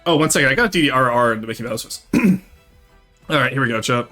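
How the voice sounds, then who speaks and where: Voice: mid-range voice, rapid-fire, pushed and bright, faint music behind. A VTuber streamer chatting casually with viewers at home, teasing and laughing often. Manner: joking and teasing, laughs often, talks straight to chat. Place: home, second-floor room.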